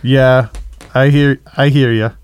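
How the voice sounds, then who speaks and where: Smooth voiced guy rambling about films, kinda searching for names, dry mic. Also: medium pitch, steady tone, no echo. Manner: rambling, searches for words, measured. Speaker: podcast co-host. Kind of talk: casual movie discussion.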